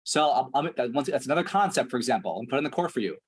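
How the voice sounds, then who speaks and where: A man's voice: mid-range voice, lively intonation, rapid-fire, slight background noise. A man coaching a client one-on-one, direct and profane, checking in with "right?" again and again. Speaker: performance coach. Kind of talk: blunt one-on-one coaching session.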